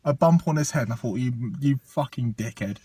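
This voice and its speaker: A man's voice: mid-range voice, lively intonation, fairly quick, dark tone, breathy edge, distant mic. A man from Portugal casually telling a rambling, sweary story on a podcast, with lots of ums and laughs.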